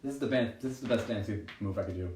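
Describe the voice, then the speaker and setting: A man's voice: lowish voice, very fast, a little mellow. A man doing a live-streamed stand-up monologue from home during quarantine, rambling and self-deprecating and laughing often at his own jokes. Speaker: stand-up comedian. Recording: roomy, distant home recording with faint noise.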